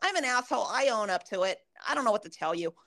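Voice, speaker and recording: Gen X woman podcast co-host, foul-mouthed and laughing, lively pitch. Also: fast, poor audio. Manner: profane, laughing storyteller. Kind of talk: casual chat.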